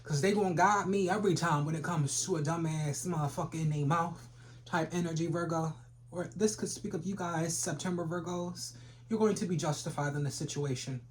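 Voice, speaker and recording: A tarot reader talks over an audible layer of background noise and clicks. The delivery is loose and profane, full of trash talk aimed straight at viewers. The voice sits at a middle pitch. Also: steady tone, fairly quick. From Philadelphia. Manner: brash and profane, trash-talking with sudden laughs. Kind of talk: casual tarot reading for viewers.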